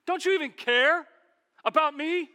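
A man's voice: big pitch swings, a little fast, a bit bright. A man voicing an overworked, resentful woman who whines and complains indignantly, in a sermon. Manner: shrill complaining rants.

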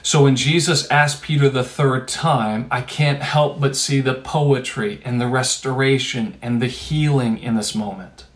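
A man's voice: mid-range voice, fairly even intonation, measured pace, few pauses. A man preaching a sermon in a conversational, emphatic way, with rhetorical asides to his listeners.

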